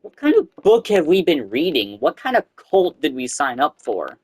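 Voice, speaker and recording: A man's voice: on the high side, moderate pace, a little hiss or hum. A man giving casual gameplay commentary, swearing and yelping when he panics. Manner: excitable, swears, yelps in panic. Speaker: gameplay streamer.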